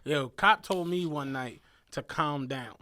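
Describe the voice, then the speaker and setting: A man's voice: fairly high pitch, measured pace. A man co-hosting a podcast, telling stories in casual, profane chat and acting out the people he quotes. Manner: animated, profane, acts out quotes in shifting voices. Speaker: podcast co-host.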